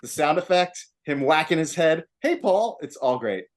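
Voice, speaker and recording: Animated man gushing about a film. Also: fairly high pitch, moderate pace. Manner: animated, acts out scenes with put-on voices and laughter; swears freely. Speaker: podcast co-host. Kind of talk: casual movie discussion.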